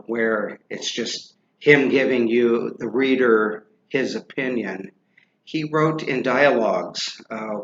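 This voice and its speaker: A man giving a classroom lecture, halting with many ums and uhs and spelling names out loud. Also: medium pitch. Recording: roomy, dull lo-fi with faint noise.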